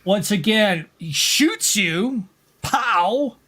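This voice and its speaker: Slow-talking game master man. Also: fairly high pitch, fairly bright tone. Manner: unhurried, adds sound effects. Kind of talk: narrating a tabletop game.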